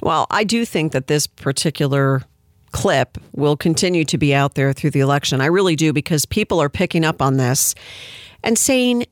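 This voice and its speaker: Indignant woman commentator, low dry voice. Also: animated, normal speed, no echo. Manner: indignant, sarcastic. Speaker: commentary host. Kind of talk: political commentary.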